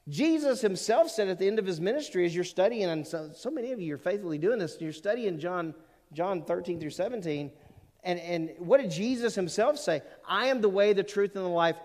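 A man preaching a sermon as pastor, earnest, with emphatic rising peaks and quieter asides. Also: high-pitched. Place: church sanctuary. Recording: long reverb of a church hall.

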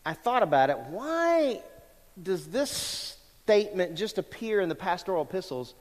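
A man's voice: high voice, big pitch swings, normal speed, big-room sound. A man preaching a sermon as pastor, conversational and emphatic, asking the congregation questions. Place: large church sanctuary.

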